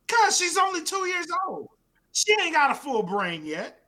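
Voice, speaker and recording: A man's voice: extremely high pitch, wildly swooping pitch, normal speed, pushed and bright. A man co-hosting a comedy podcast, ranting and mock-scolding with plenty of swearing in casual chat. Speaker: podcast co-host.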